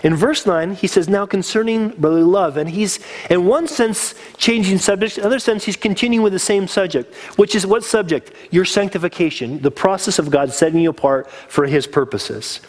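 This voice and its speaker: A man's voice: high voice, moderate pace, hardly any pauses. A man preaching a sermon as a pastor, earnest and conversational, getting teary.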